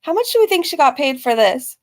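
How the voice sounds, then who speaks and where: A woman's voice: high-pitched, big pitch swings, fairly quick. Sarcastic woman reacting to a video. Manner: sarcastic, mocking asides to chat. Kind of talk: reaction commentary.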